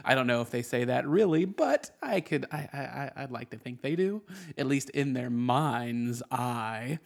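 A man hosting a podcast, reviewing films in a casual, animated, jokey way and swearing freely. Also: mid-range voice, measured pace, creaky. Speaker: podcast host.

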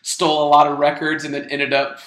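A man's voice: fairly high pitch, completely flat delivery, a little fast, a bit bright, roomy sound. A man hosting a casual podcast chat with friends, leading the talk and laughing often. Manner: laughs often, leads the segments. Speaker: podcast host.

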